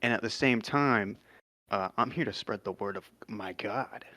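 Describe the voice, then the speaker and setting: A man's voice: on the low side, normal speed, pushed and bright. A man playing a tabletop game who speaks casually and a bit hesitantly, often swearing. The sound is dry and close, with no room echo. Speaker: player. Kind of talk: in-character tabletop play.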